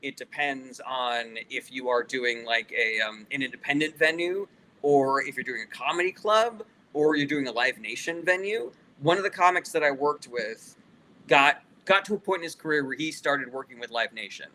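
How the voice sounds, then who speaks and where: A man's voice: mid-range voice, moderate pace, bright, forceful tone, rough recording. A male comedian casually answering live chat questions, loose and profane, reading each question aloud before he answers.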